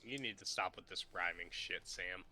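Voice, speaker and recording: A man's voice: low-pitched, moderate pace, sharp tone, a little hiss or hum. A man playing a tabletop game, teasing the game master in mock exasperation. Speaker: player. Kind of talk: casual chat at a game table.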